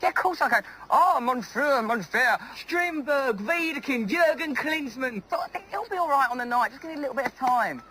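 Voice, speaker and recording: A brash wheeler-dealer. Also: male voice, extremely high pitch, animated, fairly quick, few pauses, bright, forceful tone, a little hiss or hum, heavily acted, low-quality recording. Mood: showing off. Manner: brash, showy, slangy. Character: cocky young male wheeler-dealer, boastfully trying out posh accents.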